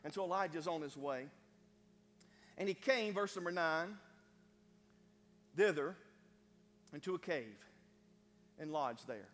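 A man preaching a sermon to a congregation, stammering over repeated words and building to loud emphatic peaks. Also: fairly high pitch, animated, a little slow, long pauses. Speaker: pastor. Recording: long hall reverb.

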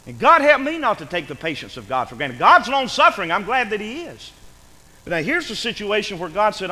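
Animated folksy preacher in a reverberant hall. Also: male voice, high voice, a little fast. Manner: folksy, animated, with frequent amens and asides. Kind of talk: sermon.

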